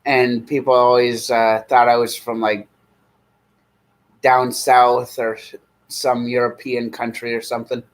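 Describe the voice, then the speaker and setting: Man, 30s, relaxed streamer host, loose chatty delivery, medium voice. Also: medium pitch, poor audio. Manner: rambling, easygoing, slow when reading names aloud. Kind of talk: casual live-stream chat.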